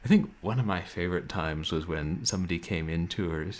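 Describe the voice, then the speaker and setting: A man streaming a game and chatting with viewers in a laid-back, wry way, with a soft, somnolent voice and frequent chuckles. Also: low voice, fairly quick. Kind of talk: casual chat with stream viewers. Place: home room, roommates nearby.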